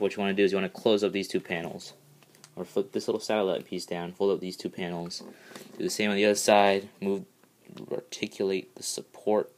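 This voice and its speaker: A man's voice: low-pitched, slight background noise. A man casually reviewing and transforming his custom toy, eager and rambling, restarting with "all right, so" over and over. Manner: excitable, with bursts of delight.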